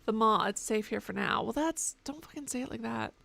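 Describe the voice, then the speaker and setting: A young woman playing a video game and commenting as she goes, animated and profane, reading game text aloud, close to a desk mic. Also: on the high side, brisk, creaky. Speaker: gaming streamer. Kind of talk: let's play commentary.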